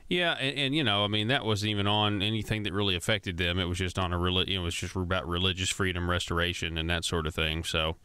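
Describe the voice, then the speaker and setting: A man with a low, smooth and resonant voice hosts a talk radio show, recorded dry and close in the studio. He asks his questions casually, with plenty of fillers. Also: steady tone, fast, few pauses, pushed and bright, dry recording. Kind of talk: radio interview.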